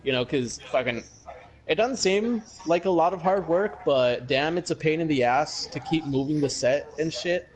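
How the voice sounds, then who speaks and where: Young man, podcast host, profane, rambling, slightly high voice. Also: moderate pace, poor audio. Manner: profane, rambling, heated ranting. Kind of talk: casual podcast chat.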